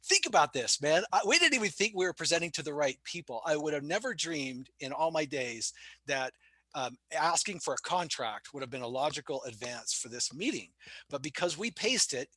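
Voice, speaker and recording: A middle-aged man, a sales trainer and podcast guest, telling stories with lively acted-out dialogue. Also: a little high, moderate pace, no echo. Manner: lively storyteller who acts out dialogue. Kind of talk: casual podcast interview.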